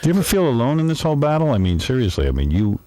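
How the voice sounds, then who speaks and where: Man, radio host, teasing quick questions, mid-pitched, lively voice, dry sound. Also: no echo. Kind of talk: comic radio interview.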